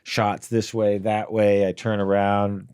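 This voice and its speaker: Low-voiced man rambling on a podcast. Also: completely flat delivery, takes it slowly, darkish tone, smooth, no room sound, studio quality. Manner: rambling, hesitant anecdotes with many restarts. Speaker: podcast co-host and actor. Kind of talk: casual podcast chat.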